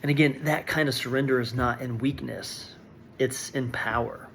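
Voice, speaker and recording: A man's voice: mid-range voice, steady tone, normal speed, creaky, a bit bright, slight background noise. A man giving an earnest, reflective daily devotional talk and reading scripture aloud. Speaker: devotional speaker.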